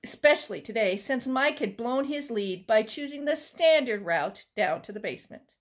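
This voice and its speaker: A woman librarian reading a children's chapter book aloud with expressive storytelling. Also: on the high side, normal speed.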